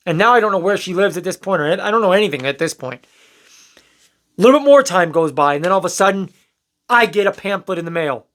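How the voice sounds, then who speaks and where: A young man vlogs a personal story straight to camera, candid and rambling, with the odd swear word and acted-out quotes from the people involved. His voice sits high and fairly bright, very expressive, and he talks briskly but leaves long pauses.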